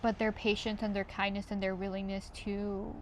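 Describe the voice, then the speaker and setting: A woman's voice: mid-range voice, flat delivery, normal speed, a little hiss or hum. A young woman reflecting in a personal vlog, chatty and full of fillers, sometimes close to tears. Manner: emotional, near tears at times, with soft laughs. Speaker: vlogger.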